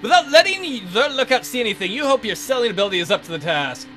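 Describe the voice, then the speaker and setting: Bright, lively-voiced man reading a game. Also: extremely high pitch, fast, faint music behind. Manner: playful, bursts into silly put-on voices and shouts. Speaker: let's play host. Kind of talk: reading a text adventure aloud with jokey commentary.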